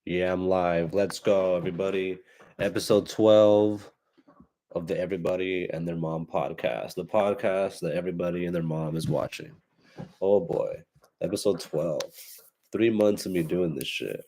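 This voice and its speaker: A young man with a stuffy nose hosts a live solo podcast in a very low voice. He rambles through casual chat, swearing freely and stopping to restart his sentences. His talk is loose and unscripted. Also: fairly even intonation, moderate pace, warm tone. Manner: rambling and profane, with many fillers and restarts. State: stuffy from allergies. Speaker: podcast host.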